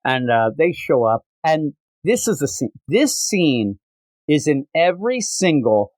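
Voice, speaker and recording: Animated man retelling comic scenes. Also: a little high, measured pace, dry recording. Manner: animated retelling, acting out character lines. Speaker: podcast co-host. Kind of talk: casual comic book review chat.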